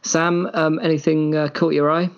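A man hosting a casual podcast, relaxed and easygoing as he opens a segment. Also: fairly high pitch, normal speed, muffled recording. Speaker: podcast host.

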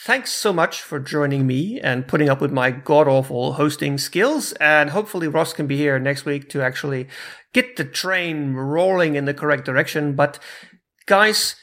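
Male podcast host, casual chat, slightly high voice, stammers. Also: fairly bright tone. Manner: chatty, quick restarts and stammers.

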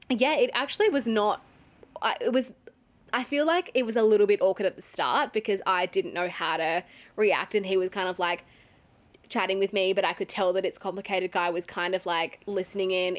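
A woman's voice: mid-range voice, lively intonation, a little fast. A young Australian woman telling a story casually, full of fillers and swearing, often laughing.

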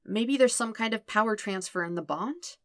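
A woman reading a fan podcast story, voicing a joking teenage boy warrior who sounds nervous and goofy, jumping between quiet worry and jokey alarm. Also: mid-range voice, normal speed, no echo, studio quality, pitched above the performer's own voice, close to an everyday voice. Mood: hesitant.

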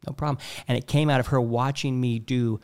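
A man in his thirties talking casually and bluntly, acting out quotes with animated voices. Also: medium pitch, a little fast, smooth. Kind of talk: casual podcast chat.

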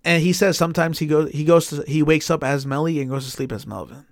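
A man telling a story in casual chat, animated and swearing often, with lots of filler words. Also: a little high, quick pace, no echo, clean studio sound.

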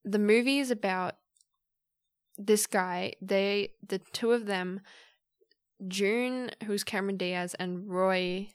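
A woman's voice: medium pitch, steady tone, slow, clean tone, no echo. A young woman hosting a casual solo podcast, rambling and chatty as she retells a film story. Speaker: podcast host.

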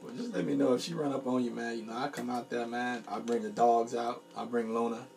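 A man co-hosting a casual comedy podcast, relaxed and playful, eager when he talks about music. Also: medium pitch, brisk, gravelly. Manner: laid-back, enthusiastic about music, playful. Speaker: podcast co-host.

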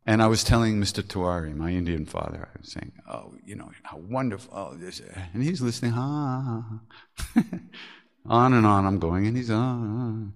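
A man with a gravelly, fairly low voice tells stories on his podcast. He talks frankly and earthily, throwing in curses and laughing at his own foolishness. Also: a little fast. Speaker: podcast host telling spiritual stories. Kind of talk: candid storytelling talk.

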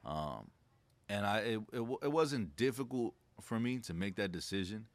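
Very animated yet speaking at normal speed, this young man has a lowish voice, recorded dry. As a guest on a podcast, the credit specialist is relaxed and thoughtful, sharing stories in slangy, casual conversation.

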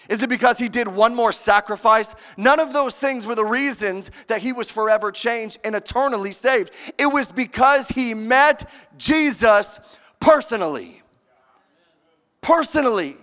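A man preaching a sermon in a large church, emphatic and animated, questioning the congregation. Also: high-pitched. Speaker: pastor. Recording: long church-hall reverb.

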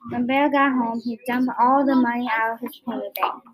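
A woman reading a picture book aloud, halting at times with restarts and repeats. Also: on the high side, fairly even intonation, poor audio. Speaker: storyteller. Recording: crowd heard behind.

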